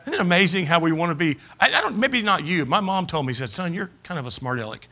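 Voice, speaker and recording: A man's voice: a little high, expressive, fast, bright, forceful tone. An older man, a preacher telling a folksy, self-mocking story in a sermon. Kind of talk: sermon with humorous personal anecdote.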